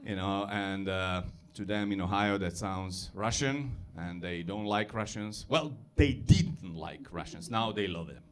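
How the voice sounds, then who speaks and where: A man's voice: low-pitched, unhurried, hardly any pauses, fairly bright tone. A middle-aged man from former Yugoslavia with a Balkan accent, doing a stand-up comedy set on a club stage into a handheld mic, often laughing through his punchlines.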